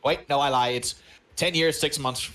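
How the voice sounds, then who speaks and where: A man's voice: a little high, steady tone, normal speed, pushed and bright. A man co-hosting a movie watch-along, rambling and joking as he searches for words. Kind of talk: casual chat.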